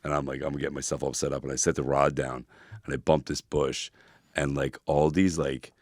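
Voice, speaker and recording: A man's voice: a bass voice, level tone, a little fast, a little mellow, dry recording, clean studio sound. A man co-hosting a podcast in casual chat, a rowdy storyteller who swears freely and acts out what people said. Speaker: podcast co-host.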